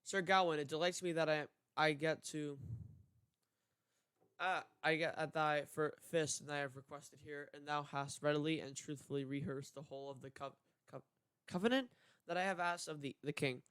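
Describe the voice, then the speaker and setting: A stern giant knight speaking in old, formal English, voiced by a young man reading aloud. The tone is clear and a touch high, with a dry close sound. The reading is halting, with restarts on hard words. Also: fairly even intonation, fairly bright tone, dry recording, close to an everyday voice. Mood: solemn. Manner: archaic formal speech, read with frequent stumbles.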